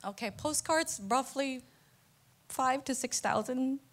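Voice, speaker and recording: A woman's voice: high voice, slow. A woman who leads volunteer canvassing, speaking plainly and modestly in a casual group chat. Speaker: campaign volunteer, canvassing lead.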